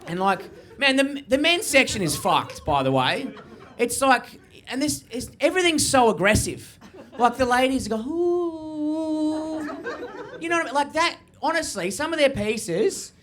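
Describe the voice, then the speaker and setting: A young man doing a high-energy stand-up comedy set, swearing freely and acting out the people in his stories. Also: very animated, normal speed, a bit bright. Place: comedy stage before a live audience.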